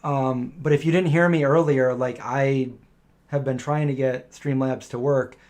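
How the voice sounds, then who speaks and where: A man's voice: medium pitch, steady tone, measured pace, a little mellow. A middle-aged man hosting a casual live question-and-answer stream, telling rambling anecdotes and acting out the voices of people he quotes.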